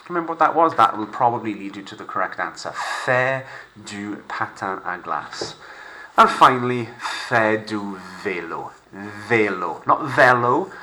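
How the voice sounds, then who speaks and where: A male teacher talking through a recorded lesson for pupils at home. His voice sits a bit low but carries a bright, forceful tone. He slows right down to model each phrase clearly before explaining it. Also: slight background noise, low-quality recording. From Wales.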